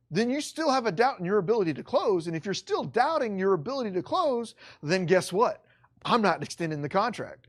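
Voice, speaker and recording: An instructor lectures in an online course, pressing hard on each point and repeating key lines for effect. The talk stays blunt and casual, with plain everyday wording. The voice sits at a middle pitch. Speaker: real estate instructor.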